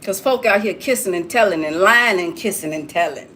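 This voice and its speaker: A woman's voice: mid-range voice, a little fast, pushed and bright, slight background noise. A woman giving a preachy straight-talk monologue, lecturing listeners with emphatic repetition.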